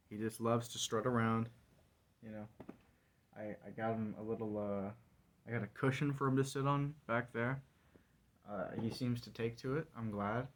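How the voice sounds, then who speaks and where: A man vlogging alone in a wry, rambling monologue full of fillers. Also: medium pitch. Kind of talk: casual solo monologue.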